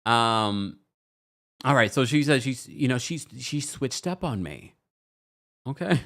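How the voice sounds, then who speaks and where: Male recap host, lively pitch, chatty and theatrical. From United States. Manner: animated, acts out quotes in mocking voices. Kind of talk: casual commentary recap.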